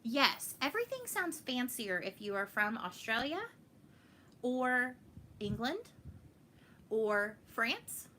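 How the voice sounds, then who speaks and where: Texan woman host, bright, slightly high, chatty and laughing with viewers, faint room noise. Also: big pitch swings, slow pace, long pauses. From Texas. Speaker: flosstube host. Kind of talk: casual live chat.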